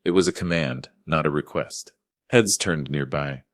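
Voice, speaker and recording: A man with an extremely low, deep voice narrates a dramatic first-person story with grave force. The recording is dry and close, with no room sound. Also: normal speed, fairly bright tone, dry recording.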